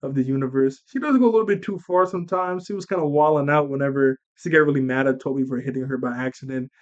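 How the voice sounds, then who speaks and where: A man's voice: medium pitch, quick pace, lo-fi sound. Young man rambling through a movie recap. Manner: rambling and animated, laughing, acts out lines. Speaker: movie reviewer.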